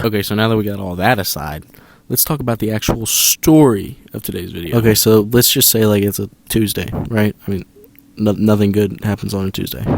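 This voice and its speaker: Lower-voiced man, sarcastic storytime ranting. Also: dry recording. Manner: sarcastic, animated, with rhetorical asides to the viewer. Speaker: basketball YouTuber. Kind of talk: storytime commentary.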